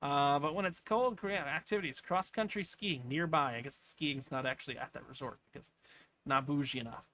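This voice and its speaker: A man's voice: a little high, fairly quick, pushed and bright, a little hiss or hum. A man giving casual, off-the-cuff commentary as he clicks through travel listings, rambling with asides. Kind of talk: casual screen-share commentary.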